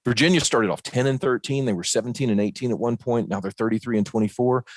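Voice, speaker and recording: A man from Arkansas co-hosting a podcast, breaking down college baseball in a folksy, animated way with plenty of fillers and jokes. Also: mid-range voice, fast talker, no room sound. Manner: folksy, animated, joking analysis with many fillers. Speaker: podcast co-host. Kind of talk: casual sports talk. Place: ballpark.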